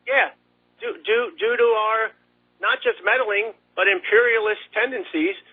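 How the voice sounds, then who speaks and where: A man's voice: sits high, unhurried, husky. A man calling in to a radio talk show, rambling and stammering with repeated words. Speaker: caller. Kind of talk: phone-in talk. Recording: tinny phone line.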